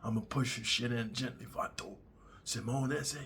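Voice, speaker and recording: A man voicing a hushed, coaxing male prison gang member in a low, murmured half-whisper. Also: steady tone, normal speed, slight background noise, close to an everyday voice.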